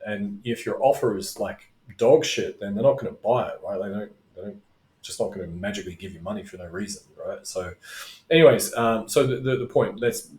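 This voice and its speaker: A man coaching in a loose, rambling way, drifting into tangents and swearing. His voice sits fairly low. The room is echoey around him. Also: brisk, a little mellow. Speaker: business coach. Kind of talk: casual talking-head video lesson. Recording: roomy echo.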